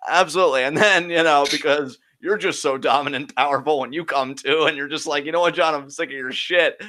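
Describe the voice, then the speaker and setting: A man's voice: on the high side, fairly bright tone. A young man co-hosting a casual podcast, joking and laughing often as he chats. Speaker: co-host.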